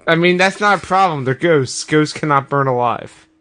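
A man's voice: on the high side, moderate pace, a bit bright. A man co-hosting a comedy podcast, reacting with incredulous questions in improvised chat. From Ireland. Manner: incredulous, asks many questions. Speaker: podcast co-host.

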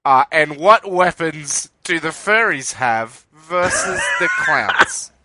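A man's voice: fairly high pitch, big pitch swings, slow pace, very noisy. An Australian man co-hosting a casual podcast, wry and jokey, thinking aloud with ums. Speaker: podcast co-host. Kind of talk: casual chat.

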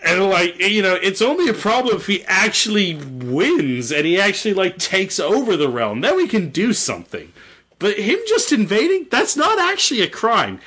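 Guy putting on lazy ancient gods, high and bouncy, totally can't be bothered. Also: huge pitch swings, normal speed, bright, forceful tone, husky, heavily acted. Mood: dismissive. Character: bored ancient male gods dodging responsibility.

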